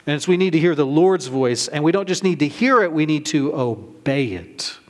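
Man, pastor, sermon, conversational preaching, slightly high voice. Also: lively intonation, moderate pace. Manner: conversational preaching with fillers, raises pitch for quotes.

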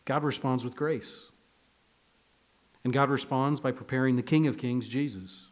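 A man preaching a sermon in a relaxed, conversational way. His pitch sits mid-range for a man. He is earnest and drops into quiet, slowed lines before building to emphatic points. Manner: earnest, shifts between hushed and emphatic passages. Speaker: pastor.

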